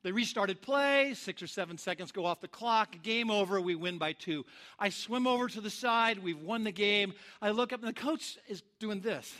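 A man delivers a sermon in a high, bright voice. He tells his stories with animated energy and acts out the lines of the people in them. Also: normal speed. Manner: animated storyteller, acts out shouts and quotes. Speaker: pastor. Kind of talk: sermon with storytelling.

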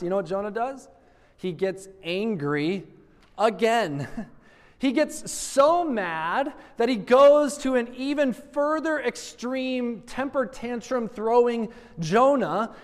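A man preaching a sermon with a high voice, telling the story with lively asides and frequent rhetorical questions. His words ring with a long echo through a large church hall. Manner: animated storytelling, asking the audience rhetorical questions.

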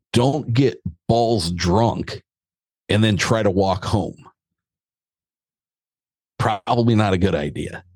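A man's voice: lowish voice, dry recording. A middle-aged American man, a podcast guest, telling a story in a casual, blunt and joking way, with some mild swearing.

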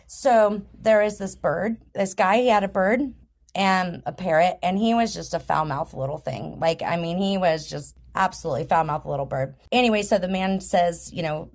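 A middle-aged woman co-hosting a casual podcast, reading verses slowly and telling long jokes. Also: fairly low pitch, vocal fry, darkish tone. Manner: reads verses slowly, tells jokes at length. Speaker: podcast co-host.

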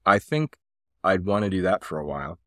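A man's voice: low-pitched, big pitch swings, a little fast, bright, forceful tone, dry recording, studio quality. A man guesting on a podcast, telling a rambling, self-deprecating story over a remote call. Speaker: guest, company founder. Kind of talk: casual podcast interview.

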